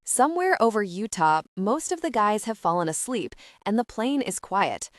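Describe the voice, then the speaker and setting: A woman narrating a first-person romance audiobook with an expressive, upbeat delivery. Her pitch moves a lot while sitting in a middle range. The recording is dry and close with no room sound. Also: normal speed, no room sound.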